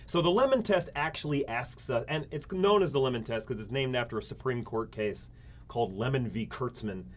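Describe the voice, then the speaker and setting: Man, college lecturer, casual conversational teaching, rhetorical questions, plays out examples, average pitch. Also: expressive, brisk. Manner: conversational, asks rhetorical questions, acts out scenarios. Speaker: community college government instructor. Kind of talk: recorded classroom lecture.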